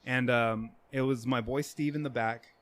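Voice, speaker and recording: Young adult man, casual profane storyteller, mid-pitched, filler-heavy. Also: steady tone, normal speed, a bit bright. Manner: rambling, profane, many fillers. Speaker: podcast guest.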